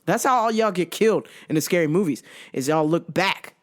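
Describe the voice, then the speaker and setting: A woman's voice: fairly low pitch, a little fast. A woman podcast host telling a comedic story in a casual, cursing, laugh-filled way. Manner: animated, swears freely, laughs often.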